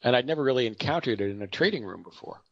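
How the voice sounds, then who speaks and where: A man's voice: mid-range voice, animated, very fast, creaky, no room sound, muffled recording. A middle-aged man giving an unscripted market commentary, rambling and correcting himself with chatty asides and anecdotes.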